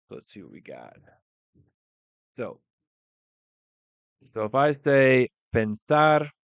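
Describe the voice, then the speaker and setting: A man teaching English live, thinking aloud in a relaxed way and working Spanish phrases into the lesson. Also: medium pitch, no echo. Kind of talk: live-streamed language lesson. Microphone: phone. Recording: dry, phone-like sound.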